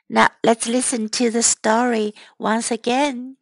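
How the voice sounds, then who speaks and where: A woman hosting a children's English lesson, gently repeating phrases for young learners. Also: a little high, steady tone, unhurried, no echo, clean studio sound. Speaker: English teacher, podcast host.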